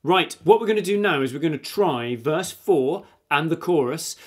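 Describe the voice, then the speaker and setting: A man's voice: on the high side, animated, moderate pace, slightly rough. A man teaching a guitar lesson, patiently counting beats aloud and explaining strum directions while he plays. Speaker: music teacher. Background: guitar playing.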